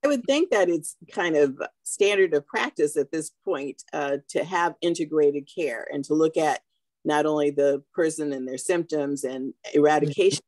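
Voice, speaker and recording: A woman doctor on a talk show panel, speaking in a measured, thoughtful way. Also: low-pitched, a little mellow, no room sound, low-quality recording.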